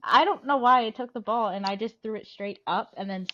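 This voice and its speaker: A woman tells a story about herself in a bashful, self-mocking way, in easy casual chat. Her voice sits at a middle pitch and comes through a dull, lo-fi recording. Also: fairly quick.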